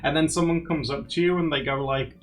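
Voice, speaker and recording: A man's voice: a little high, steady tone, a little fast. A young man livestreaming to viewers in casual, rambling chat. He laughs often and acts out quotes. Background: faint music.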